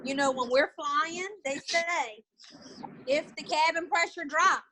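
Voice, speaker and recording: A middle-aged woman telling a story on a video call, animated and repeating herself. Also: high voice, slow, slight background noise, poor audio. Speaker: guest. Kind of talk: casual video call chat.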